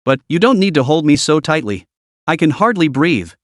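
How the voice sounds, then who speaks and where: A man's voice: on the high side, big pitch swings, normal speed, no room sound, clean studio sound. A man voicing a flustered young college man talking to himself and to a girl.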